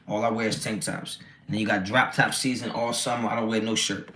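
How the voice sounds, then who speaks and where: A man's voice: mid-range voice, steady tone, brisk, hardly any pauses, bright, forceful tone, slight background noise. A man hosting a casual football livestream, talking brashly and with a lot of swearing as he answers his chat. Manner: brash, profane, reads chat aloud. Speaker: livestream host.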